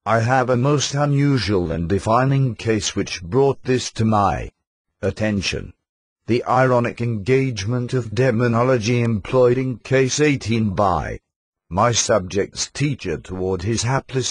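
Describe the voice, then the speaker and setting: A man reading a book aloud in a measured, formal way. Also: medium pitch, lively intonation, breathy edge, no echo.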